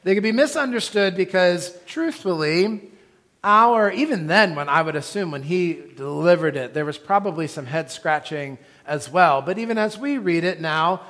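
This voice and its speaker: A man's voice: sits high, animated, normal speed, fairly bright tone, long reverb tail. Earnest man preaching a sermon. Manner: earnest, conversational preaching with asides to the congregation. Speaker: pastor.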